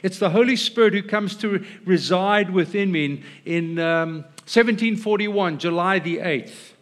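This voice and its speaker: A man preaches to his congregation in a conversational, teaching manner. His voice sits a little above the usual male pitch. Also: normal speed. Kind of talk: sermon. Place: church before a congregation.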